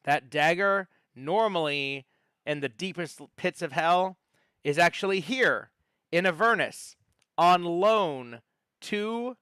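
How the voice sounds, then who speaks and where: Game master, male, smooth, dry close sound, chatty lore-teller with ums. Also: high-pitched, animated, slow, pushed and bright, no echo. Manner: storytelling with many fillers and restarts. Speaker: dungeon master. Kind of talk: narrating a tabletop game.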